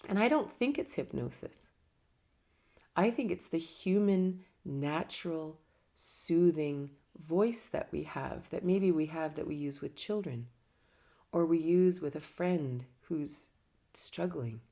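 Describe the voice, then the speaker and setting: A woman's voice: low voice, slow, dark tone. A woman yoga and meditation teacher talking casually about teaching, her voice swooping up and down as she talks with her hands. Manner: laughs now and then. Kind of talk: casual reflective talk.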